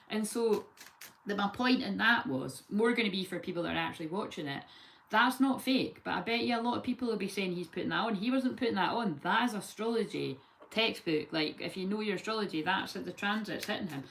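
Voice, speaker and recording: A woman giving a casual, rambling tarot reading full of lively chatty asides. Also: mid-range voice, a little fast, vocal fry, slight background noise. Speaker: tarot reader.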